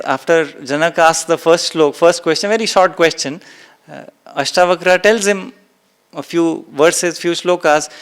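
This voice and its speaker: A man's voice: fairly high pitch, fairly bright tone, smooth. A man giving a spiritual talk to a live and online audience. He speaks with emphasis, repeats key phrases and acts out exclamations. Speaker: spiritual teacher.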